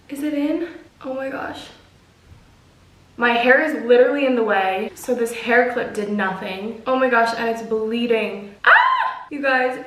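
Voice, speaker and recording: Young woman, chatty and nervous, slightly high voice, roomy echo. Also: fairly even intonation, measured pace, fairly bright tone, distant mic, a little hiss or hum. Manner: chatty, nervous and fidgety, talks to viewers. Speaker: vlogger. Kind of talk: casual tutorial vlog. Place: room at home.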